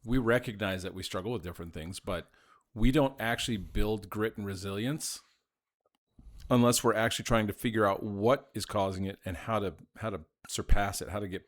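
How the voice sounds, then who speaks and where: A man in his forties co-hosting a casual chat, thoughtful and measured, with frequent "you know"s. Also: fairly low pitch, steady tone. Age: 40s. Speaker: podcast co-host.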